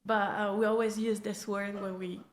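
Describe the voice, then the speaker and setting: A woman's voice: medium pitch, flat delivery, moderate pace, slight background noise. A woman from France with a French accent, chatting on a podcast and hesitating as she searches for words. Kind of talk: casual podcast chat. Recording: echoey room with faint ambience.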